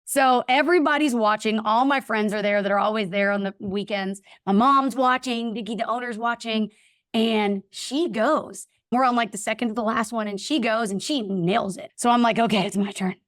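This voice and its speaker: A woman's voice: a little high, moderate pace, dry recording, clean studio sound. A woman guest telling a personal story in a casual interview, acting out the voices of people in it. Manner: animated, acts out voices in her anecdotes. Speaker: podcast guest.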